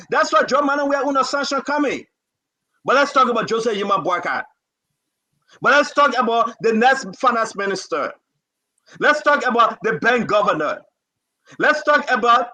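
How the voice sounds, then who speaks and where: A man's voice: very high voice, sharp tone. A man hosting a talk show, giving fervent political commentary full of pleading and scolding repetitions.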